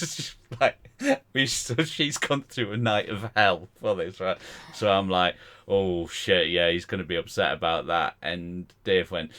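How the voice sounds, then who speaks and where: A man's voice: on the low side, measured pace, few pauses. A man co-hosting a podcast, telling a story casually with restarts and frequent laughter. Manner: chatty, stumbling, laughs through his stories. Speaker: podcast co-host.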